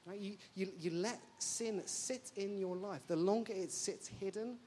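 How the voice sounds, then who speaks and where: A woman from England, preaching a sermon in an animated, jokey way full of rhetorical questions. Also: medium pitch, a little slow, slight background noise.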